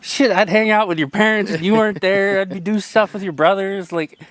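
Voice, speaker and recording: A man's voice: sits high, a little fast, no room sound. A young man from western Pennsylvania, a podcast guest, telling a story in casual chat with lots of laughter and swearing. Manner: animated storyteller, laughs often, swears freely. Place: outdoors around a campfire at night.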